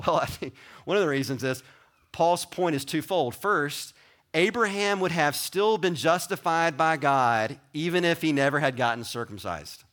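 A man preaching a sermon as pastor, conversational and animated, with asides to the congregation. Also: on the high side, normal speed.

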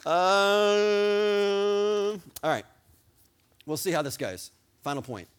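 Male pastor, sermon delivery, excitable and loud at peaks, slightly high voice. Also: drawn-out words, smooth. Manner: excited preaching, sometimes yelling, animated.

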